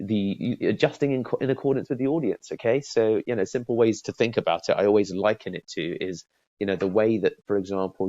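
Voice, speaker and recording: A middle-aged man talks through a sales lesson in a loose, chatty way, stumbling over repeated words and restarts. His voice sits low. The recording is dry and a little dull, with no room sound. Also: a little mellow, dry recording. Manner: chatty, repeats words and restarts often, acts out call examples. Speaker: sales trainer. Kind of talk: casual spoken training talk.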